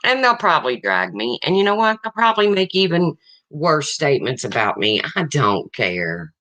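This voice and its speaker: A person in their fifties hosts a livestream and talks frankly to the chat. The voice is bright and forceful, and it swings widely in pitch. They keep circling back to the same points in plain, casual language. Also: sing-song, moderate pace. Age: 50s. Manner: blunt and frank, repeats points. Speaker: livestream host.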